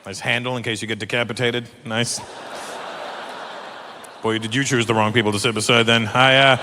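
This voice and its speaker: A man's voice: medium pitch, flat delivery, normal speed. A man doing brash stand-up comedy and teasing audience members in a large live venue. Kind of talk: stand-up comedy and crowd work. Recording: live show with loud crowd laughter and noise.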